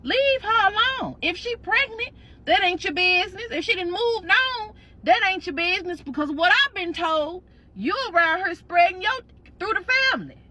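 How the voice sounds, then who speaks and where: A woman doing a loud, scolding old auntie. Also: high voice, wildly swooping pitch, moderate pace, few pauses, exaggerated voice, poor audio. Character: scolding older great-aunt, protective and bossy.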